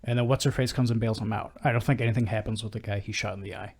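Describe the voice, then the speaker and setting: A man's voice: fairly low pitch, steady tone, rapid-fire, darkish tone. A man co-hosting a podcast, chatting casually and enthusiastically about favorite film scenes. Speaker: podcast co-host. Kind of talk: casual chat about films.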